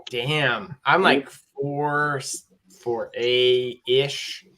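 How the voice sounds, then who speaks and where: A man's voice: medium pitch, fairly even intonation, very slow, sharp tone. Chatty Canadian man, rambling. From Ontario, Canada. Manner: rambling, laughing, many fillers. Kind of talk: casual chat.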